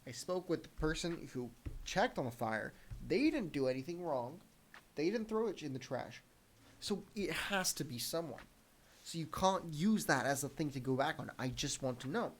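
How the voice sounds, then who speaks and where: A man's voice: fairly high pitch, animated, moderate pace. Profane ranting young man. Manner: heated, profane storytelling. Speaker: podcast host. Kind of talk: solo podcast rant.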